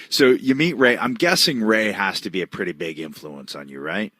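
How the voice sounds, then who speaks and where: A man hosting an interview podcast, asking questions in a relaxed, chummy, teasing way. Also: lowish voice, moderate pace. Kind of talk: casual interview chat.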